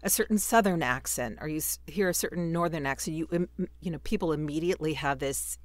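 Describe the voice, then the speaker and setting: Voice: medium pitch, fairly quick, no echo. Curious podcast host, dry sound. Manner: curious, agreeable, thinking aloud. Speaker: podcast host interviewing guests. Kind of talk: interview.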